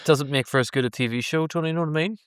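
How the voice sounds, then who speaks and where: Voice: medium pitch, rapid-fire, clean tone, no echo. A podcast co-host and first-time viewer, dropping dry, teasing one-liners in casual chat.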